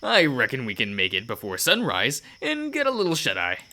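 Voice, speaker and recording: A talkative, easygoing biker with homespun turns of phrase, put on by a man. The voice is pushed up above the man's usual pitch and sounds bright and forceful. It is a visual novel figure, read aloud during a game playthrough. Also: wildly swooping pitch, fairly quick, exaggerated voice. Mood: cheerful. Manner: homespun folksy speech. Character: folksy easygoing male biker, friendly and talkative.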